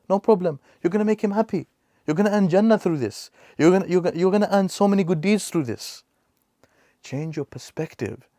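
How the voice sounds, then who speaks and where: Earnest man with a gravelly voice. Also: medium pitch, mellow, dry recording, clean studio sound. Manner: emphatic, repeats key phrases for stress. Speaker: reaction video host. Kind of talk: earnest advice monologue.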